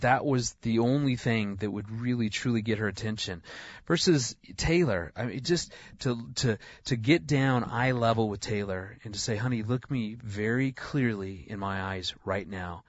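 A man in his forties who talks about parenting in casual conversation, an animated storyteller who often restarts his sentences. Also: medium pitch, breathy edge, no room sound, muffled recording. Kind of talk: conversational discussion.

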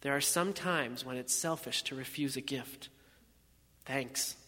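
A man narrating a first-person story in a measured, reflective way. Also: medium pitch, pushed and bright, big-room sound.

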